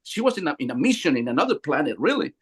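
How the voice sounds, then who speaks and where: Man, higher voice, rambling storyteller, lots of fillers, casual group talk. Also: very animated, very fast, breathy edge. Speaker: hypnotherapy practitioner.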